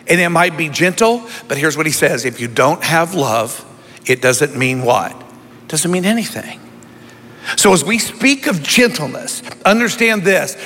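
A high-pitched man with a bright, forceful voice preaches to his congregation in a long-echoing sanctuary. He leans into call-and-response, then sinks to soft, intense lows. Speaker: pastor. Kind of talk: sermon.

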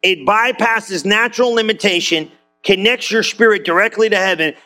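A man preaching, his voice high and bright. He keeps tossing questions back to the congregation as he goes, in a loose, talky sermon style. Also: moderate pace. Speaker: pastor.

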